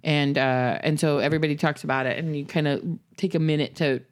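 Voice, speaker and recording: A woman's voice: deep voice, steady tone, fairly quick. A woman in casual podcast chat, matter-of-fact and reassuring.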